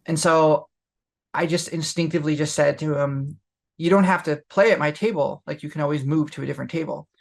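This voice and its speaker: A young woman with a gravelly edge to her voice tells a story on a podcast. She talks candidly and loosely, leaning on fillers as she goes. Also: low-pitched, fairly even intonation, brisk. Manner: candid, lots of fillers, laughs while telling. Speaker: podcast co-host. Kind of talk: casual storytelling.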